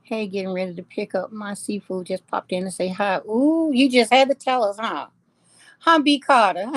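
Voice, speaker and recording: A woman's voice: mid-range voice, moderate pace, no echo. A woman hosting a casual live chat, reading comments aloud, teasing her viewers and laughing often. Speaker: livestream host.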